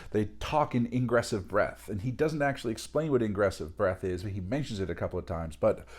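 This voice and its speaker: Man, on the low side, loosely talks through a reading with chatty asides and restarts. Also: fairly quick, husky. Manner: discursive, many fillers and restarts, animated asides. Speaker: lecturer. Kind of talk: casual spoken lecture on a reading.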